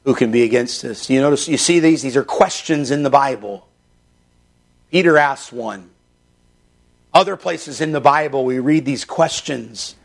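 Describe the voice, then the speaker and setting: A man preaching a sermon, reading Scripture slowly and building to emphatic, fervent passages. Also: a little high, creaky. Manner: emphatic, rising into fervent stretches; reads Scripture aloud in slow measured delivery.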